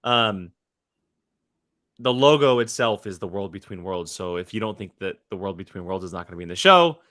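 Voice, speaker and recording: A young man co-hosting a casual fan podcast, excitable and teasing as he talks. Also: low-pitched, normal speed, no room sound, studio quality. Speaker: podcast co-host.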